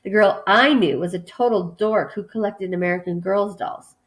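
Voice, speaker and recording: A woman reading a children's book aloud, voicing an upset, tearful teenage girl who talks quickly. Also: natural voice. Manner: quick, sobbing, higher voice.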